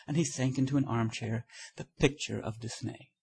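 A man reading a classic short story aloud as narrator, in a steady, measured way. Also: mid-range voice, creaky, breathy edge. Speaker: audiobook reader.

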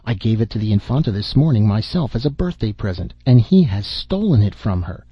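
Man playing a huffy lady rose tree from a fairy tale, husky low voice, dull recording. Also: animated, brisk, dry recording. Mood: indignant. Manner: indignant, accusing. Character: indignant female white rose tree.

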